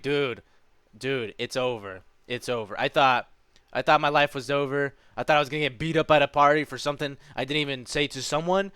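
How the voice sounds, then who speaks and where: A man's voice: a little high, fairly bright tone, clean tone, no room sound, studio quality. A man in his twenties telling a story in a casual vlog, rambling along with lots of fillers and calling the listener dude and man. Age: 20s. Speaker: vlogger.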